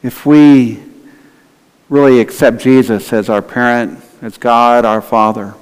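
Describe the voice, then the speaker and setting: A man's voice: mid-range voice, steady tone, measured pace, clear, resonant tone. A male pastor giving a conversational sermon in a church, sometimes acting out quoted voices. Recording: long hall reverb.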